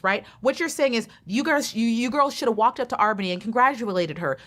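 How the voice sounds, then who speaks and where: A woman's voice: on the high side, a bit bright. A woman commenting bluntly and sassily. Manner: blunt, sassy and emphatic. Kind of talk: opinionated reaction commentary.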